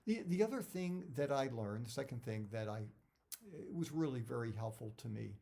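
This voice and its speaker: Mellow middle-aged man rambling advice. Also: medium pitch, expressive, normal speed, vocal fry. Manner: rambling, repeats words, digresses. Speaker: actor sharing career advice. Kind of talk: casual talk to camera.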